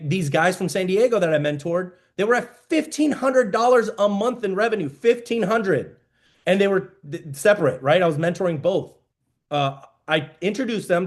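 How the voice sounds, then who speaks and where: A man with a fairly high voice gives an emphatic motivational talk to a business group. He hammers his points home with repetition in a coaching tone. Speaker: business mentor.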